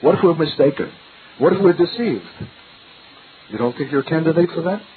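A man's voice: fairly high pitch, lively intonation, a little fast. An older man preaching a sermon in an earnest, searching way, full of rhetorical questions. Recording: tinny lo-fi recording with faint hiss.

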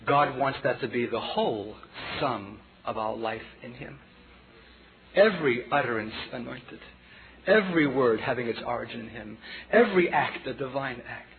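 Brooklyn preacher on a tinny recording. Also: male voice, medium pitch, moderate pace, gravelly, background noise. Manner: dramatic storytelling, swinging from loud to hushed; addresses the congregation as children. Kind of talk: sermon. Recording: tinny phone-like sound with audience.

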